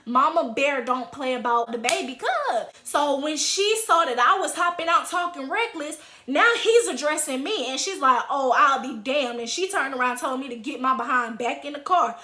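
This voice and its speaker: High, bright young woman telling a heated story. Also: normal speed, few pauses. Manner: animated, emphatic, heated storytelling. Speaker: vlogger. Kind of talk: storytime vlog. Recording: roomy echo.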